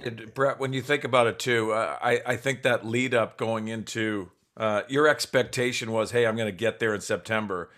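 A man's voice: on the low side, steady tone, moderate pace, hardly any pauses, fairly bright tone. A man co-hosting an interview, asking questions with some restarts.

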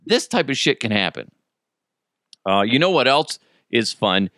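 Speaking at a measured pace in a mid-range voice, this podcast host in his thirties chats casually on his own show, joking and cursing freely as he tells lively stories. The studio sound is clean, with no echo.

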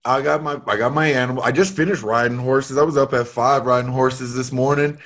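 A man hosting a podcast in relaxed, joking casual chat. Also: mid-range voice, fairly quick. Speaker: podcast host.

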